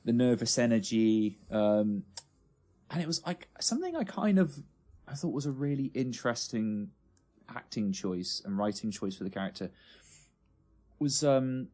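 Man, laid-back rambling comedy chat, expressive pitch. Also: normal speed. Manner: relaxed, rambling, many fillers like "like". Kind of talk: casual chat about comedy.

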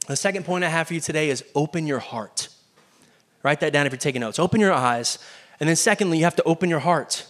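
A man preaching a sermon in a lively, conversational way, often asking the congregation questions. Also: on the high side, quick pace. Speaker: pastor.

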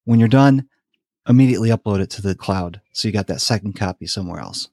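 A man, a podcast host, telling lively stories in casual chat and laughing often. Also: fairly low pitch, quick pace, creaky, no room sound, clean studio sound. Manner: animated storyteller, laughs often.

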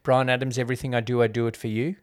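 A young Australian man co-hosting a casual movie review chat, jokey and quick to quote scenes. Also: mid-range voice, flat delivery, no room sound, clean studio sound. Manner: chatty, jokey, quotes scenes in put-on voices. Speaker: podcast co-host.

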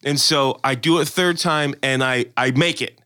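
A man's voice: medium pitch, moderate pace, bright, forceful tone, smooth, no room sound, studio quality. A man in his thirties chatting casually about faith, telling stories animatedly and acting out other people's lines. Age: 30s.

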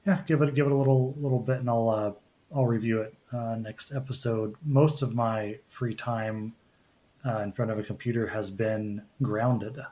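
Halting man chatting about games. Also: medium pitch, steady tone, mellow. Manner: halting, many restarts and fillers. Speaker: podcast host. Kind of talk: casual chat.

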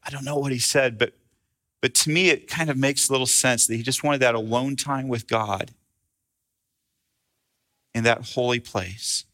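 A man preaching with a bright, forceful voice at a middle pitch. He tells the story conversationally and with animation, like a pastor walking a congregation through a passage. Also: measured pace, long pauses. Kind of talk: sermon.

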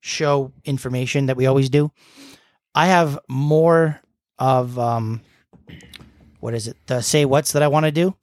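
A man's voice: medium pitch, steady tone, measured pace, pauses often, dry recording. Young guy hosting a podcast, jokey, rambly, dry close mic. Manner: joking, rambling. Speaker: podcast co-host. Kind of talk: casual chat.

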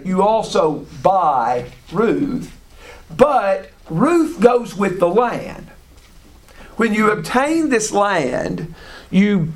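A man with a high voice leads a Bible class at an unhurried pace. He talks casually, thinks aloud and repeats his key points to let them sink in. He often stops to put questions to the people listening. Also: darkish tone. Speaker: Bible study teacher.

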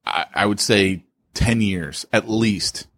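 A man co-hosting a podcast, chatting casually with teasing, deadpan boasts and many fillers. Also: lowish voice, takes it slowly, no room sound, clean studio sound. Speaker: podcast co-host. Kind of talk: casual chat.

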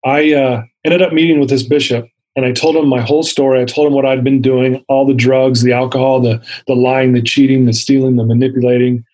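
A man's voice: medium pitch, little pitch movement, a little fast, hardly any pauses, a little mellow, low-quality recording. A man in his fifties sharing his personal story as an interview guest, earnest and vivid, acting out the dialogue he quotes.

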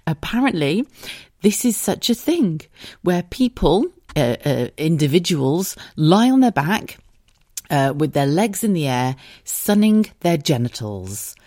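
A woman's voice: sits low, big pitch swings, a little slow, warm tone, no room sound, studio quality. An English woman in her thirties hosting a casual solo podcast, chatty and giggly, swearing freely. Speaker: podcast host.

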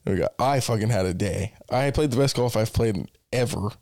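A man's voice: lowish voice, a little fast, darkish tone, no echo, studio quality. A man co-hosting a casual podcast, blunt and teasing, swearing often. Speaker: podcast co-host.

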